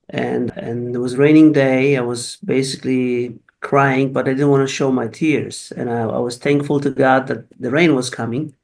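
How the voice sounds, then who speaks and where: A middle-aged Polish man speaks with a Polish accent in a medium-pitched voice with vocal fry. A physical therapist, he tells his life story in an interview, frequently restarting and repeating words as he recalls events.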